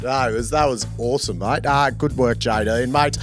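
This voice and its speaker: A man's voice: lowish voice, fairly quick, few pauses, music in the background. A man with an Australian accent co-hosting a podcast, chatty and blokey, swearing casually and calling everyone mate. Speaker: podcast co-host. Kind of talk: casual chat.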